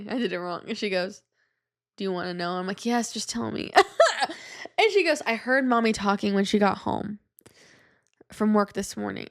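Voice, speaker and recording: A young woman hosting a podcast, telling a story in a chatty, animated way and acting out the voices of people she quotes. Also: mid-range voice. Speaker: podcast host. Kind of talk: casual storytelling monologue.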